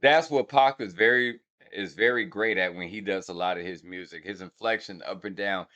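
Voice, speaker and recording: This hip hop breakdown channel's host has a low voice that sounds pushed and bright, speaking at normal speed over dull-sounding audio. He's casual and brash, talking right to viewers and counting beats aloud as he explains rhythm.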